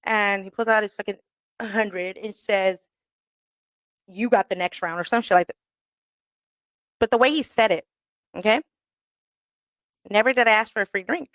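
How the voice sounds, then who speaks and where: Woman, radio host, blunt, profane, animated storyteller, dry close mic. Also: medium pitch, normal speed, long pauses, no echo. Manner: blunt, profane and animated, acts out quoted voices. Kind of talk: candid storytelling monologue. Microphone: studio microphone.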